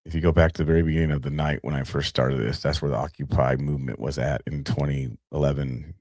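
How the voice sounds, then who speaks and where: A man's voice: very deep voice, steady tone, fast talker, a little mellow, no echo. A man casually commenting on footage during a live stream, rambling and restarting his sentences.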